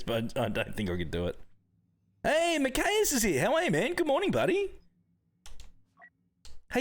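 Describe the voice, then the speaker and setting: A man's voice: mid-range voice, slightly rough. A young Australian man hosting a live gaming stream, chatting casually with viewers, greeting them by name and laughing often.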